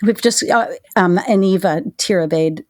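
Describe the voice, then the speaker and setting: A woman's voice: mid-range voice, unhurried, darkish tone, no echo. A woman hosting a podcast, chatting casually and enthusiastically with lots of fillers. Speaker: podcast host. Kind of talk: casual chat.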